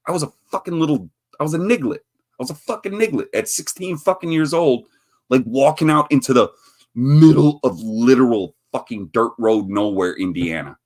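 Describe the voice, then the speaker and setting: A man's voice: medium pitch, lively intonation, normal speed. A man from the Chicago area hosting a livestream, telling a rambling, profane story that he often breaks up with laughter. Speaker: livestream host. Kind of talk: casual livestream chat.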